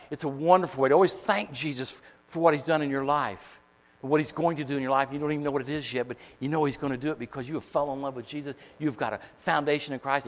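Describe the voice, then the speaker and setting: High-voiced preacher man in a reverberant hall. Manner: call-and-response preaching, swings from quiet to shouting. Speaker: pastor. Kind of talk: sermon.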